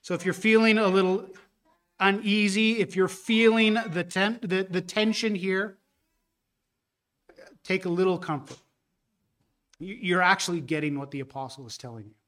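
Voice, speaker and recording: High, bright-voiced preacher man. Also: fairly even intonation, normal speed, pauses often. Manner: earnest, building to forceful rebuke with repeated restarts. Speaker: pastor. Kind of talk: sermon.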